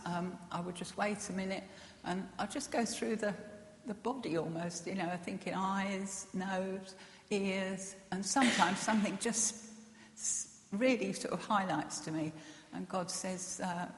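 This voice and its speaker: A woman gives a gentle, earnest personal testimony, pausing often with fillers and soft laughs. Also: fairly low pitch. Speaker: speaker sharing a personal testimony. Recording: echoey hall with long reverb.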